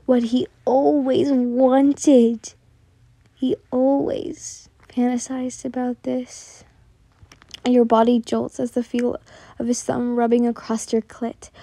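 A young woman reading a second-person fan fiction story aloud in a soft voice that often drops to a whisper, stumbling and restarting lines. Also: a little high, no room sound. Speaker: story narrator.

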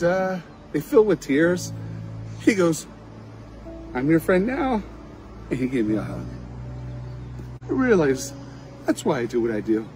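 A man's voice: fairly high pitch, a little mellow, a little hiss or hum, low-quality recording. A man who speaks at school assemblies telling a personal story to kids in a heartfelt, encouraging way, acting out the quoted lines. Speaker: motivational speaker.

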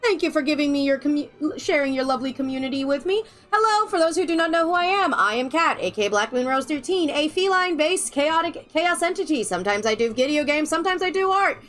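A woman's voice: high voice, animated, fast, few pauses, a bit bright, soft background music. A woman streaming a video game live, chatting casually with her viewers in a playful, theatrical way. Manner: playful, theatrical spooky greetings.

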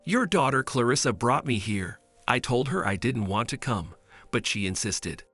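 Guy doing a gentle old homeless man, polite n thankful, faint music behind. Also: medium pitch, animated, normal speed, slightly rough. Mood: humble. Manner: polite, grateful.

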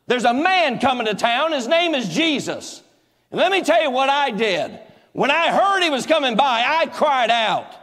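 A preacher voicing a formerly blind man who urgently tells his story and calls out loudly. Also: very high voice, big pitch swings, moderate pace, pitched above the performer's own voice, full character voice. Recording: echoey church hall.

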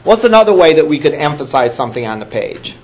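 A man teaching a college class, his fairly high voice rising and falling a lot as he talks. He keeps it conversational, tossing questions out to the room and echoing back the answers he hears. The lecture is recorded in a classroom. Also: big pitch swings, fast talker. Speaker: college instructor.

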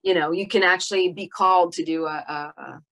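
A middle-aged actress talking through an interview in a reflective way, pausing often with fillers and restarting her sentences. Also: on the low side, steady tone, fairly bright tone. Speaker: actress guest. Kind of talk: casual interview conversation.

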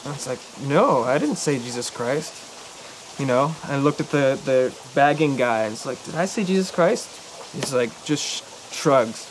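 A young man in a film telling a rambling anecdote to a friend, halting and correcting himself as he goes. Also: mid-range voice, animated, a little hiss or hum, lightly acted, rough recording. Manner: halting, hesitant, self-correcting.

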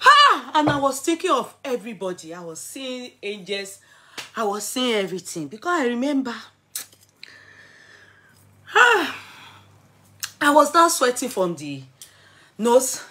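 Speaking at a normal pace in a high-pitched voice, this middle-aged vlogger with a Nigerian accent recounts something from her own life to the camera. She's animated and dramatic, mixing English, pidgin and Yoruba.

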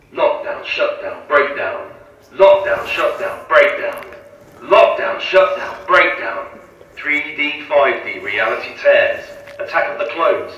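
A man's voice: a little high, fairly bright tone. A man chants spoken-word poetry in hard, punchy refrains, his voice swimming in heavy echo. He sounds set back from the microphone. The whole recording is muffled and dull, with a faint hum of ambience underneath. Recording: echoey, distant, muffled playback.

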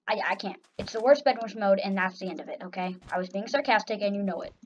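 A woman's voice: mid-range voice, quick pace. A young woman commenting on her own gameplay, swinging between mock cheer and grumbling complaints. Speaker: gaming YouTuber. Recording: slightly dull lo-fi audio with faint noise.

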